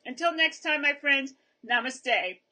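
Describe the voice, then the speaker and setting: A woman's voice: sits high, measured pace, sharp tone. A woman hosting a casual video review of a snack, chatting while she tastes and chews on camera. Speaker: vlog host reviewing snacks.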